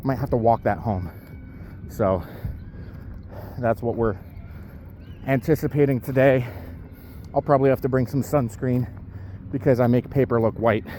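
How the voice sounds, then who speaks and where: A man's voice: medium pitch, moderate pace, long pauses, dark tone, a little hiss or hum. A man talking casually into his camera while walking his dog outdoors, a bit out of breath from the uphill walk and rambling with lots of fillers. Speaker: powerlifter vlogging his day.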